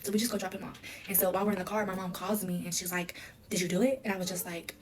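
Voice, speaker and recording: A young woman tells her own story in an interview, the words tumbling out quickly. Her voice sits a little low for a woman. She keeps acting out the dialogue, so the retelling stays loose and candid. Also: fairly even intonation, a crowd in the background. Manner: rapid, filler-heavy retelling with quoted dialogue.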